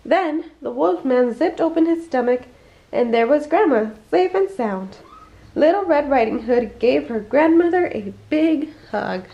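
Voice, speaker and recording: Woman reading a kids bedtime story, expressive, higher mellow voice, kinda dull lo-fi audio. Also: gravelly. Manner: expressive, slows for emphasis. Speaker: family storyteller. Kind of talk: children's bedtime read-aloud.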